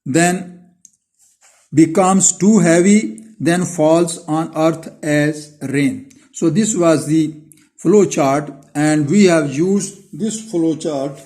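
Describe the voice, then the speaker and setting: Pakistani male teacher, slow classroom dictation. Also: a little high, warm tone. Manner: reads each blank aloud, then repeats the full sentence. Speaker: school teacher.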